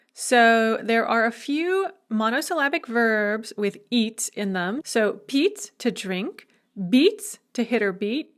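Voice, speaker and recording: A woman who is a language professor, giving a recorded video lecture with patient, measured explanations. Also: a little high.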